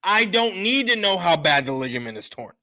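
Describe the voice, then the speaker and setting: Loud emphatic man, bright voice. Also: high-pitched, very animated, fairly quick. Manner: loud, emphatic, repetitive insistence. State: been drinking a little. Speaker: sports podcast host. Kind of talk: heated sports opinion talk.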